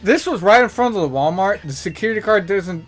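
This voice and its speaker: A man hosting a podcast, telling stories in a profane, animated way and acting out the people he quotes. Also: high voice, a little fast, soft background music. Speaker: podcast host. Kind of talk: casual storytelling.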